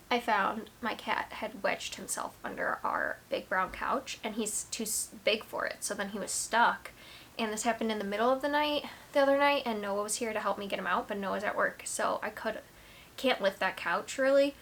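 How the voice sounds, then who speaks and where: A woman's voice: fairly high pitch, fairly bright tone, slight background noise. Chatty young woman, rambling book vlog. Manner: rambling, heavy use of "like" and trailing restarts. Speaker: book vlogger. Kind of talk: casual chat to camera. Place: at home.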